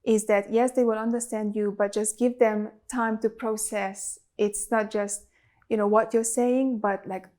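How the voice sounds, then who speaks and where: A woman's voice: medium pitch, steady tone, a little slow, a little mellow. A woman hosting an interview, non-native English speaker, asking questions with enthusiasm. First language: not English. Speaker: interview host. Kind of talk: casual interview chat.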